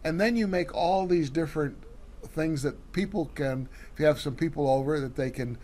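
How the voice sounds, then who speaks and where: A man's voice: on the high side, moderate pace, darkish tone. A man co-hosting a casual cooking show, walking through recipes step by step with many fillers and restarts.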